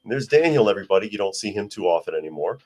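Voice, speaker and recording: A hoarse man hosting a casual news talk podcast, chatty with wry asides. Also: on the low side, big pitch swings, rapid-fire, darkish tone. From United States. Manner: chatty, wry asides, talks to his cat. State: hoarse from a cold. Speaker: podcast host.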